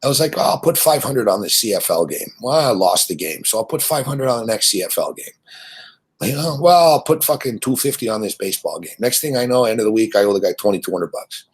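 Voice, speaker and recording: A man's voice: lowish voice, expressive, fast talker, husky. A man hosting a sports betting show, ranting in a blunt, profane, rambling way about gambling on credit.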